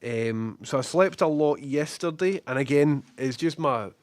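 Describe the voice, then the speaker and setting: A young Scottish man with a slightly hoarse voice from a cold, casually chatting as a live streamer and greeting viewers by name. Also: on the high side, unhurried, no echo.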